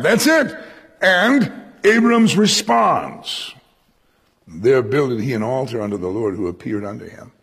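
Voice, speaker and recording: Husky pastor preaching in a reverberant hall. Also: male voice, mid-range voice, measured pace, a bit bright. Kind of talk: verse-by-verse Bible teaching sermon. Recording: echoey hall with long reverb.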